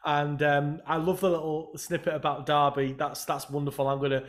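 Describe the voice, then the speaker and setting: A man hosting a casual interview chat, upbeat and quick to laugh with enthusiastic reactions. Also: fairly high pitch, flat delivery. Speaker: host.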